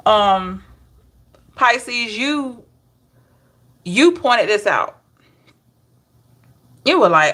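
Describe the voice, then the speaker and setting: A woman giving a casual, chatty tarot reading to her viewers, animated, with laughs and asides to the chat. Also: mid-range voice, extremely slow, long pauses. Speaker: tarot reader.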